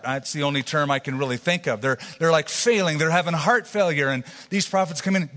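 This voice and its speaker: Bright-voiced man preaching in a reverberant hall. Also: a little high. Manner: conversational Bible teaching with asides to the congregation. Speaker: pastor. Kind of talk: sermon.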